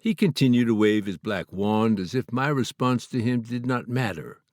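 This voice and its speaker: A man from Canada reading his own memoir aloud in a measured, earnest, slightly formal way. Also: medium pitch, animated, a little mellow, no room sound, studio quality. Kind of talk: memoir audiobook narration.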